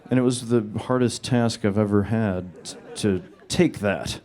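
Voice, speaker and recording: A man with a flat, monotone, deadpan delivery, answering audience questions on a panel. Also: on the low side, measured pace.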